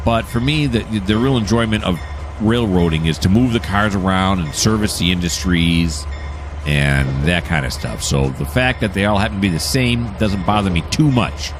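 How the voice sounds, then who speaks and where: Playing a train game, a gameplay host with a low voice comments casually, rambling, chatty, and correcting himself as he goes. He's hiccuping, and there's background noise.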